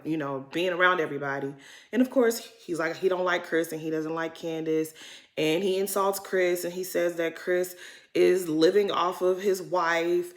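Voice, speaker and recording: A woman's voice: lowish voice, fairly bright tone. A woman giving a casual, chatty recap of a reality TV episode, scolding the people on the show in a sassy, exasperated way. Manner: chatty, loose grammar with lots of "y'all".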